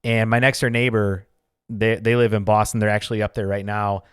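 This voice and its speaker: A man's voice: fairly low pitch, level tone, fairly quick, smooth, no room sound, clean studio sound. A man hosting a casual podcast, talking loosely and jokingly and often restarting his sentences. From Michigan, USA. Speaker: podcast host.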